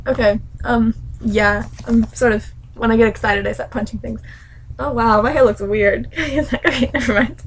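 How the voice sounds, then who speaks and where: A woman's voice: on the high side, steady tone, normal speed, husky, low-quality recording. A young woman at home, ranting and gushing as she recaps a book chapter in a casual vlog.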